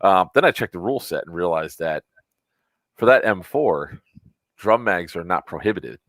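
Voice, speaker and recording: A man from Florida with a lowish voice, talking casually on a podcast. He teases and jokes, and he rambles with plenty of fillers. The sound is dry and close. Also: lively intonation, normal speed, a bit bright, dry recording. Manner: joking, teasing, rambling with fillers. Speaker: podcast co-host. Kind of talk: casual chat.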